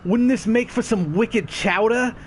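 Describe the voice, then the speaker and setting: A man's voice: high voice, unhurried, a little hiss or hum. A man putting on a drawling Boston accent to play a crude, dim movie star. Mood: goofy. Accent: Boston put-on. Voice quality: drawling, swearing.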